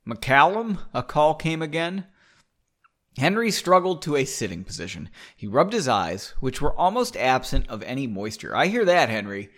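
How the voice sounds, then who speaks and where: A man's voice: mid-range voice, fairly bright tone. A man hosting a casual show, chatting and reading his story aloud with frequent digressions and laughs. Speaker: podcast host reading his own story.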